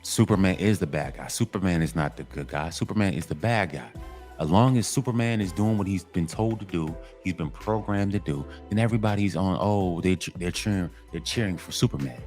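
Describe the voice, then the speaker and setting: A man's voice: deep voice, a little fast, darkish tone, soft background music. A man delivering a casual monologue to other men, emphatic and repetitive, in a preachy tone. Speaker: commentary channel host.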